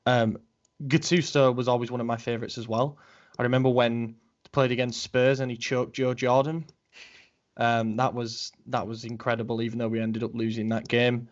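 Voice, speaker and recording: A man's voice: mid-range voice, little pitch movement, moderate pace. Young man, chatty, many ums, muffled recording. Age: 20s. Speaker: podcast co-host. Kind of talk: casual chat. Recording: dull lo-fi audio.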